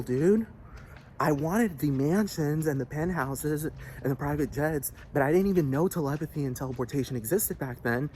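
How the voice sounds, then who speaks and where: A fairly high-voiced man rants in a heated, agitated way, swearing often and circling back to the same points. He keeps demanding whether the listener understands him. A faint hiss of noise sits under the recording. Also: a little mellow. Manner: agitated, repetitive, profane, keeps asking "do you understand". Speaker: vlogger. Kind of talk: heated rant to camera.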